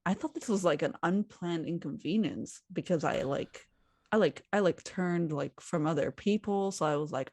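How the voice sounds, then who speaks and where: A woman's voice: lowish voice, normal speed, darkish tone, no room sound. A woman playing a tabletop role-playing game, speaking hesitantly with many restarts. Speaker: player.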